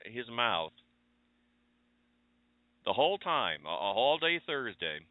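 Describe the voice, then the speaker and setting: A man's voice: medium pitch, sing-song, takes it slowly, dry recording. Man rambling on a tinny line. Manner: rambling, conversational storytelling. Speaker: radio show host. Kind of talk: casual chat monologue. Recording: tinny phone-line audio.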